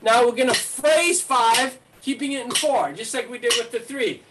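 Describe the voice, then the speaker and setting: A woman with a somewhat high voice leads a rhythm lesson. She counts beats and chants rhythm syllables in a steady pulse between short coaching remarks. Clear noise sits behind her voice. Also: moderate pace, hardly any pauses. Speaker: rhythm teacher.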